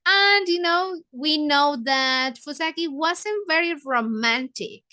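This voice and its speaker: Woman, book club leader, bright, high voice. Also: slow. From Mexico. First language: Spanish. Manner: paraphrases lines, glosses words in Spanish. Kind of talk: explaining a novel to English learners.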